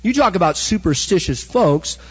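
A middle-aged man preaching a sermon, animated storytelling that acts out the quotes. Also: sits high, moderate pace, breathy edge. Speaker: pastor. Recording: dull recording with hall echo.

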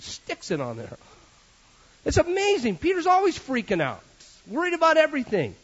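A man preaching a sermon as pastor, an animated storyteller with joking asides. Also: sits high, husky. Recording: dull lo-fi sermon recording.

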